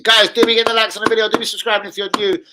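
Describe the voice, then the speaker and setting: A man's voice: high-pitched, level tone, rapid-fire, heavy background noise. A man hosting a football fan channel, hyper and slangy, swearing freely through casual chat and a transfer news roundup.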